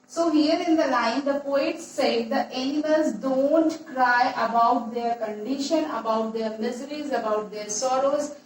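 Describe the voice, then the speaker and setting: A woman teacher, slowly explaining a poem to a class and repeating her points. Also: sits high, slight background noise. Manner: slow, repetitive explaining with restarts. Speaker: English teacher. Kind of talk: classroom poetry lesson. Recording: echoey room, voice far from mic.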